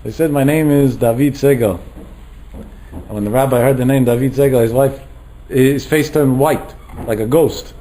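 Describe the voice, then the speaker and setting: A man giving a Torah lecture as a rabbi, telling a story in an animated way and mixing Hebrew terms into his English. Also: medium pitch, moderate pace, rough recording.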